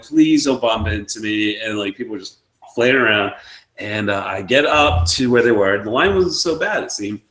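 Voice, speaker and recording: Guy rambling through a story on a live stream, laughs a lot, echoey room. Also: mid-range voice. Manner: excitable, rambling, laughs often. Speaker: podcast co-host.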